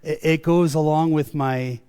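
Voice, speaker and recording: A middle-aged male pastor delivers a sermon in a slightly high voice. He preaches in a loose, conversational way, doubling back on words and restarting his sentences as he goes. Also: steady tone, a little slow, warm tone, smooth. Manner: calls his preaching a rant.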